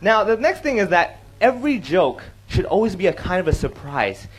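Male stand-up giving a talk, animated, high and very expressive pitch. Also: normal speed, slightly rough, rough recording. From Hong Kong. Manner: animated, switches between English and Cantonese. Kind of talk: talk on comedy with joke examples. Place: stage before an audience.

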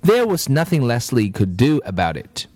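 A man reading a children's story aloud in an expressive, measured manner. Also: medium pitch. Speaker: narrator.

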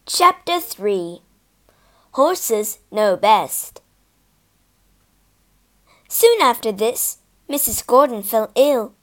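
A woman narrating a children's storybook in an animated, dramatic reading. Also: on the high side, drawn-out words, long pauses.

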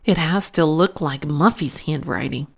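A woman voicing a helpful, clever young schoolgirl in a storybook, in a lively, chatty tone. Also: low-pitched, a little slow, creaky, husky, full character voice. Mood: cheerful.

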